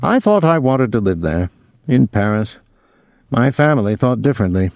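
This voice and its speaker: A man's voice: mid-range voice, sing-song, normal speed, a little mellow, no room sound, voice pushed up. A man voicing a wealthy, condescending older host with polished, affected speech, in an audiobook reading. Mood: urbane. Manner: polished, affected, faintly pompous. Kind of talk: audiobook character voice.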